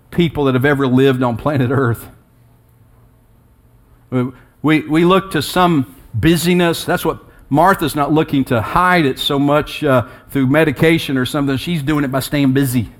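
Here a pastor in his sixties preaches with earnest, personal warmth. His voice lifts in pitch and gains force whenever he recites scripture.

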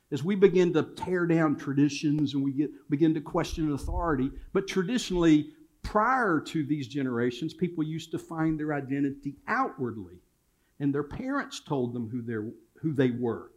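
In a church sanctuary, an older man delivers a sermon in a fairly high, expressive voice at normal speed. As pastor, he weaves in family stories and drives points home by repeating key phrases.

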